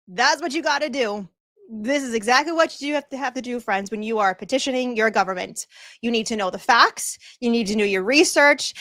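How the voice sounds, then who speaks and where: A woman's voice: on the high side, fairly bright tone, no echo, clean studio sound. A woman hosting a livestream, talking casually with viewers and laughing often. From Norfolk County area. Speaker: livestream host. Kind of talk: casual live commentary.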